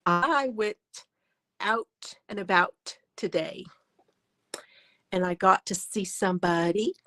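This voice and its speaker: A woman's voice: medium pitch, slow, a bit bright. A woman hosting a casual crochet livestream from her phone, chatting, laughing often and greeting viewers by name.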